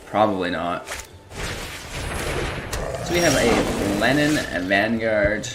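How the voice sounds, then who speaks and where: A gameplay streamer with a fairly low voice talks casually through a card game, thinking aloud in an easy, unhurried, musing way. Music plays clearly beneath his commentary.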